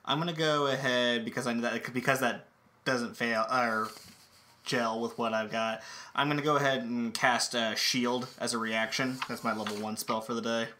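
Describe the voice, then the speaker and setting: A man's voice: medium pitch, steady tone, moderate pace, sharp tone. A man playing a tabletop role-playing game, hesitant and asking about the rules. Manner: hesitant, asks rule questions. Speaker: player. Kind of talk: casual tabletop play.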